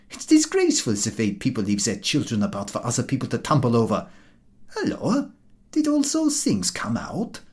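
A man's voice: a little high, a little mellow, voice pushed up. A man voicing a proud, quarrelsome German cart dog in an audiobook, talking in a cocky, scolding way. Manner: cocky, scolding, self-satisfied. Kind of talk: audiobook character voice.

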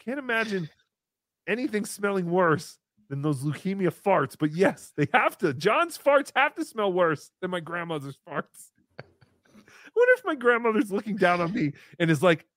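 A man's voice: sits high, big pitch swings, normal speed, a bit bright, no echo, studio quality. A man hosting a comedy podcast, rambling in a goofy, joking way. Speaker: podcast host.

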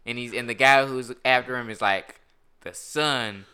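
Bright, clear-voiced man rambling casually. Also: mid-range voice, moderate pace. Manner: rambling, laughing, doing mock voices. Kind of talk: casual chat.

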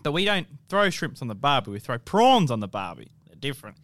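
A laid-back Australian man trading stories on a podcast, swearing without a second thought. His voice sits at an ordinary middle pitch. The recording is dry and close, with no room sound. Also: big pitch swings, fairly quick, fairly bright tone, no room sound. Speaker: podcast co-host. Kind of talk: casual chat.

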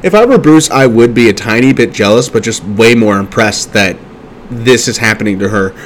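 A man's voice: medium pitch, moderate pace, slight background noise. A man giving a casual, enthusiastic fan recap of an episode, chatty and full of small restarts. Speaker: show recapper.

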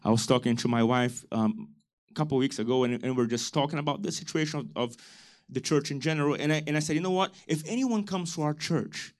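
Preacher guy, kinda high voice, shouts the big points at the congregation. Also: fast talker. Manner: preaching with rising shouted emphasis and call-and-response. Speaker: pastor. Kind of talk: sermon.

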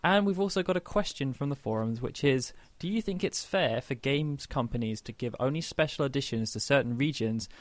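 A man's voice: medium pitch, a little fast, few pauses, no echo. A man hosting a casual gaming podcast, chatty and rambling with frequent restarts. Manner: rambling, chatty, laughs often. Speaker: podcast host.

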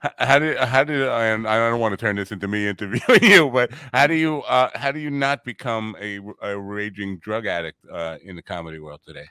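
A man's voice: lowish voice, pushed and bright, smooth, no room sound, studio quality. A man hosting a casual chat, laughing and asking his guest curious questions. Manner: laughing, curious, quick reactions. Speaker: podcast host.

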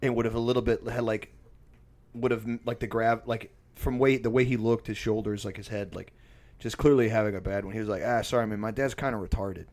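A man's voice: fairly low pitch, flat delivery, a little fast, a little mellow. A man telling a casual, rambling story full of filler words and profanity.

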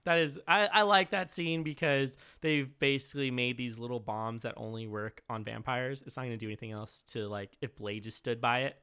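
A man in casual chat about a movie, telling scenes in an animated, swearing way. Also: mid-range voice, a little fast, few pauses, smooth.

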